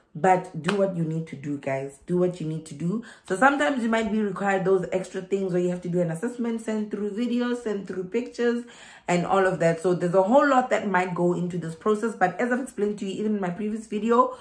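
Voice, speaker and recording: A woman's voice: mid-range voice, reverberant. A young South African woman with a South African accent giving migration advice in a chatty vlog, laughing and repeating herself for emphasis.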